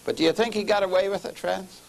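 A man's voice: high-pitched, fairly even intonation, fast talker, creaky, a little hiss or hum, rough recording. An older man giving a sermon-style lecture as a lay preacher, telling a story and driving his points home by repeating key phrases and calling his listeners friends.

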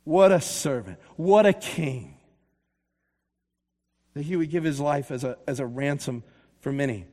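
A male pastor preaching a sermon, passionate and rhythmic, shifting from loud repeated build-ups to quiet storytelling. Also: fairly high pitch, measured pace, pauses often. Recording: long reverb of a large hall.

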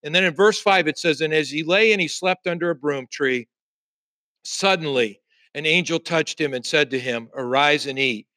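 Man, pastor, sermon, fairly high voice, bright and forceful, dry close sound, scripture reading with repeated refrains. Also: moderate pace, dry recording. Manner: reads scripture aloud with rising emphasis, repeats refrains.

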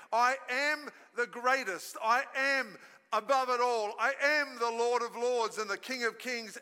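A man preaching a sermon as pastor at a live church service, telling stories energetically and calling on the congregation to join in. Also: extremely high pitch. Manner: storytelling, energetic preaching with audience call-and-response. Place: church hall. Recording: live sermon in a reverberant hall.

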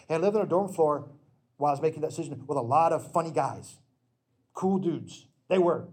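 A middle-aged man preaching a sermon with slides, in an earnest, emphatic storytelling manner that breaks into sudden loud bursts. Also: fairly high pitch, a little fast, slightly rough.

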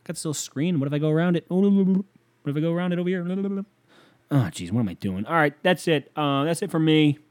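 A young man hosting a podcast alone, rambling through a profane, casual story and now and then breaking into loud whoops. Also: on the high side, fast. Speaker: podcast host. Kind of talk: casual solo podcast rant.

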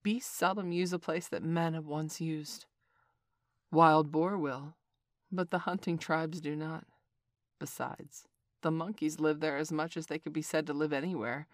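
A woman narrates a storybook in an even, clear reading. Her voice sits slightly low. The recording is dry and close. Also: unhurried, no room sound.

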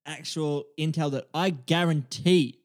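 A man co-hosting a comedy podcast, animated and mock-grandiose, with casual swearing. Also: fairly high pitch, unhurried, no echo, studio quality. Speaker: podcast co-host.

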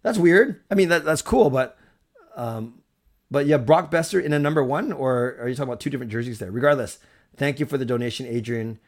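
A man hosts a live stream in a loose, rambling way, chatting straight to his viewers and thanking them. His voice sits at an ordinary middle pitch. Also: brisk. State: recovered from a cold. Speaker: livestream host. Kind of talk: casual live-stream chat.

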